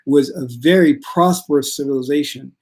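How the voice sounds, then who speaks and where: A man with a somewhat higher voice delivers a spiritual talk in a calm, steady manner. He speaks to his viewers in a reassuring, unhurried way. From United States. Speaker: spiritual teacher.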